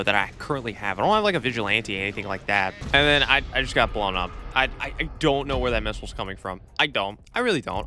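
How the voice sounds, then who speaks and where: A young man with a bright, forward voice gives rambling gameplay commentary. He often stammers and repeats himself. Faint game sounds sit under his voice. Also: medium pitch, a little hiss or hum. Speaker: gaming YouTuber.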